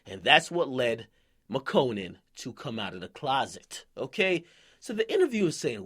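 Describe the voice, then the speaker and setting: A man's voice: medium pitch, sing-song, moderate pace, a bit bright, husky. A young man giving hip-hop news commentary, recapping and reading from an interview in a brash, profane, slangy way.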